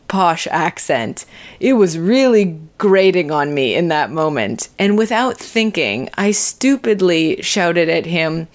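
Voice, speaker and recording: A woman hosting a podcast, telling a story about herself in a candid, self-deprecating, chatty way, swearing casually and laughing at herself. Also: fairly low pitch. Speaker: podcast host. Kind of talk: casual monologue intro.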